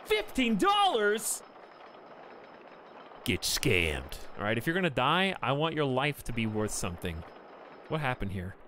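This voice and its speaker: A man streaming a game live, reacting excitably and bantering with his chat. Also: mid-range voice, normal speed, a little hiss or hum.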